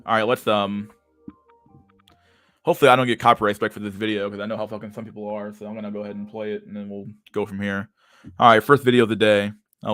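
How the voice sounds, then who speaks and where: Hosting a casual livestream, a young man talks over videos in a rambling, profane way, repeating his words. His voice is lowish with a fairly bright tone.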